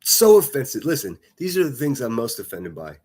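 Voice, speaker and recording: A man's voice: medium pitch, big pitch swings, a little fast, a little mellow. A man from the northern United States ranting on a livestream, profane, mocking and combative.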